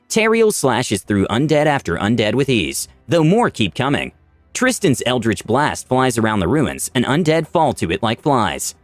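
A man's voice: mid-range voice, no echo. A man tells a tabletop fantasy adventure in the first person, wry and dramatic. His voice moves up and down a lot through the telling. The sound is close and dry. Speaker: storyteller of a tabletop campaign. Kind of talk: first-person story narration.

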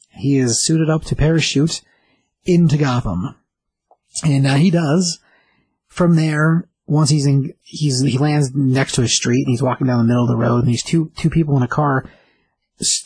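A man's voice: mid-range voice, normal speed, darkish tone, slightly rough, no room sound, poor audio. A man casually retelling a comic book story as a recap host, loose and chatty. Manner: loose and chatty, with many fillers and restarts.

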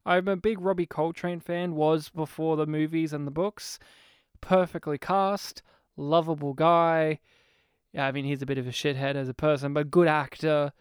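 A man co-hosting a casual movie podcast, laughing often, swearing now and then, and breaking into quick impressions. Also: a little high, fairly even intonation, smooth, no room sound, studio quality. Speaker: podcast co-host.

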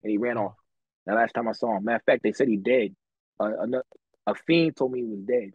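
Husky man telling wild stories. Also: mid-range voice, fast talker, darkish tone, no room sound, dull audio. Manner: slangy, profane, laughs often. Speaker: podcast guest telling his story. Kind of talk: casual chat, storytelling.

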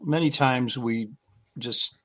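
A man rambling warmly with many fillers in a casual online roundtable chat. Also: medium pitch, slow pace, no room sound.

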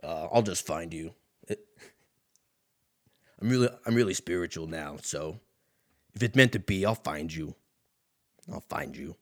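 A man voicing a cocky, muscle-bound gym bro in a smug, low, swaggering voice. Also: measured pace, long pauses. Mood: aloof.

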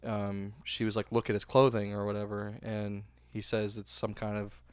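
A man with a smooth, clean voice chats casually with friends, telling a meandering story and trailing off with loose fillers. His voice sounds close and dry, with no room around it. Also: lowish voice, completely flat delivery, moderate pace, no echo. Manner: rambling storyteller, trails off with "or whatever". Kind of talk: casual chat.

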